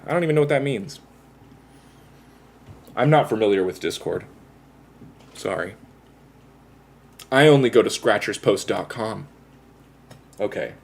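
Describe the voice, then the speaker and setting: A man's voice: medium pitch, vocal fry. A man chatting casually with his livestream viewers, rambling, self-mocking and swearing freely. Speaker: live streamer.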